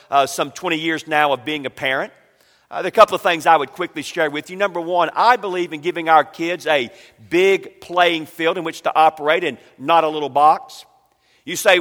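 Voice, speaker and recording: A high-voiced man in his forties preaching with emphatic, building delivery. His voice rings out with a long reverb trailing behind it, as in a large hall. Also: moderate pace, a bit bright. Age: 40s. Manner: emphatic preaching with rising pitch and repeated words. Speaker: pastor. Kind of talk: sermon.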